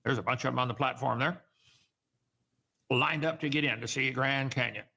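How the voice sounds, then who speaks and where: Gravelly man lecturing emphatically. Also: medium pitch, normal speed, pushed and bright. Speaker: host. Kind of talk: argumentative call-in commentary.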